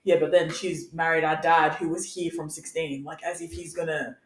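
A woman in her thirties from Australia, co-hosting a podcast in casual chat, telling lively stories, swearing and laughing often. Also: deep voice, moderate pace. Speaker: podcast co-host. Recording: echoey room.

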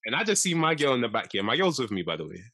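A man's voice: mid-range voice, very fast, slightly rough, no echo. A young man, co-hosting a casual chat and telling a story with lots of acted-out quotes and laughter. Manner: animated storyteller, acts out quotes, laughs often. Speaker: podcast co-host.

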